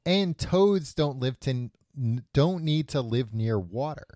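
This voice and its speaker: A man's voice: medium pitch, expressive, slow pace, mellow, dry recording, studio quality. A man hosting a podcast, casually retelling a book's plot with loose, offhand quoted voices. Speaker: podcast host. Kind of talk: casual book discussion.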